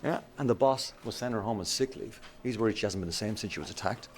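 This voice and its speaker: An actor with an Irish accent playing a mocking police officer who turns defensive and insistent, in a TV crime drama. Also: male voice, on the low side, quick pace, close to an everyday voice. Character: sly, taunting male police officer. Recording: clear background noise.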